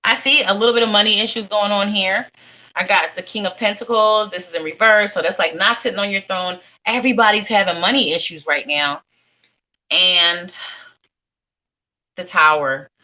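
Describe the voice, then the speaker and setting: A woman giving a live psychic tarot reading, talking straight to her viewers in a warm, rambling way and repeating her phrases. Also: mid-range voice, normal speed, muffled recording. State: sleepy.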